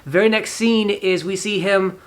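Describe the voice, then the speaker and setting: A man recapping a film for his channel in a casual, animated way, with a slightly higher voice. He laughs often and slips into the characters' voices as he goes. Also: measured pace. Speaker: movie reviewer, channel host. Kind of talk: casual movie review retelling.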